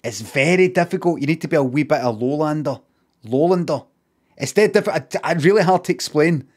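A man's voice: on the high side, animated, brisk, a little mellow. A Scottish man streaming live, rambling in a mock-serious way and swearing casually.

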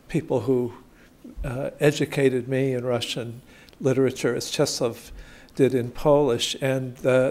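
A man hosting a poetry event, introducing the readers in a halting, informal way with frequent fillers. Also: mid-range voice, darkish tone. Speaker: event host.

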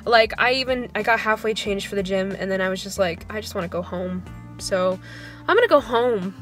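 A woman's voice: mid-range voice, brisk, a bit bright, faint music behind. A young woman in her twenties, a schoolteacher, venting in a casual vlog, rambling with lots of "like" and sounding dejected. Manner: rambling storytelling, filler "like" throughout. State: dejected, low on motivation. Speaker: elementary school music teacher.

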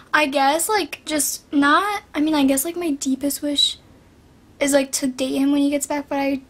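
A high-pitched teenage girl talks straight to her camera at home, answering viewer questions in a loose, rambling chat. Her voice is rough and hoarse after a recent sinus infection. She strings thoughts together with "like" and "um". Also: a bit bright. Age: teens. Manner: rambling, filler-heavy, lots of "like". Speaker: vlogger.

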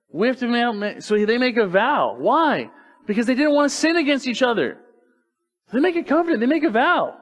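A man preaching a sermon in church, talking to the congregation casually and asking rhetorical questions. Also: high-pitched. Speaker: pastor. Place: church sanctuary.

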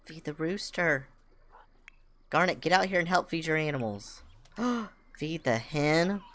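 A woman streams a farming game, chatting with her viewers. Her voice sits very low but leaps high whenever she coos at her animals. She takes her time, unhurried. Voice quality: low voice that jumps high with excitement. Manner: cooing at animals, reading aloud, chatting with viewers. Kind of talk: casual gameplay chat.

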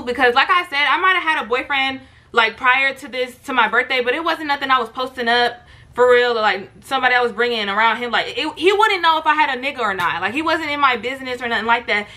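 A young woman vlogger telling a storytime in an animated, slangy way, talking straight to her viewers. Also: on the high side, fast. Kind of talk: storytime vlog.

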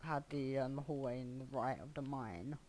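A man's voice: medium pitch, moderate pace, darkish tone, poor audio. Hesitant giggly young man. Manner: hesitant, giggly, lots of ums. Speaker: gamer. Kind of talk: casual gaming chat.

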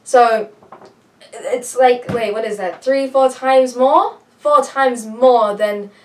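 A woman's voice: on the high side, slow pace, slight background noise. Rambling young woman vlogging from a distance. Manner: rambling, restarts often, excitable. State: out of breath. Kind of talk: casual chat to camera. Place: home room with a computer. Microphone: camera on a tripod, some distance off. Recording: voice a bit far from the mic.

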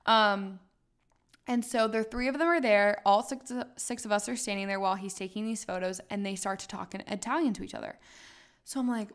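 A woman's voice: mid-range voice, a little fast. A young woman hosting a podcast, telling a travel story casually, with dramatic retelling and lots of fillers. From United States. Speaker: podcast host.

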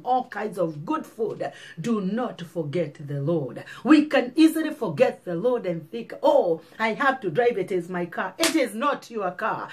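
A woman pastor with a Kenyan accent, preaching an earnest sermon with repeated exhortations. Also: mid-range voice.

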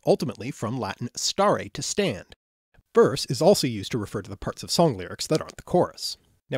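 A man reading a scripted educational narration, explaining things clearly with the odd dry, wry aside. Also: medium pitch, dry recording.

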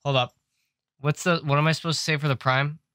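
A young man chats with viewers at a desk microphone during a casual livestream, joking and swearing a lot while playing a horror game that makes him jumpy. His fairly high voice is fast, bright, and forceful, with slight background noise.

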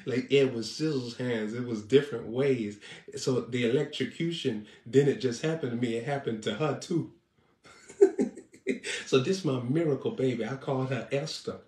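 A man preaching to his online audience in a loose, joking way, teasing his listeners and breaking into laughter. He sits some way from the mic in a roomy, echoing space. His voice is mid-pitched. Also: normal speed, a little mellow. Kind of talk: joking live-stream preaching. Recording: echoey room, distant mic.

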